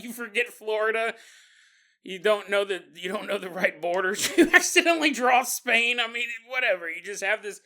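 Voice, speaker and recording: A man hosting a podcast, telling a comic monologue with frequent laughs and quick acted-out voices. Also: a little high, pushed and bright. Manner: jokey, laughs often, acts out little voices. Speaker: podcast host. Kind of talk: comedic monologue.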